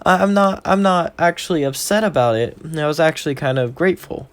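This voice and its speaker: Guy putting on a shy young woman, high squeaky falsetto, stammering, flustered. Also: animated, fairly quick, clear, resonant tone, close to an everyday voice.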